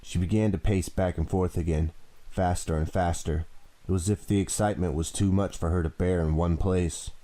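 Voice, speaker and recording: Guy reading an audiobook, really deep low voice, mellow, steady pace. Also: brisk. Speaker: audiobook reader. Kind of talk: scripted narration.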